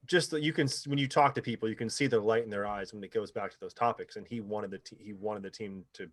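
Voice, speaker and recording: A man in his thirties, a pro paintball player appearing as a podcast guest, tells stories in a casual interview. His fairly low voice moves fast on a dry recording. He rambles with plenty of fillers and gets animated when quoting other people.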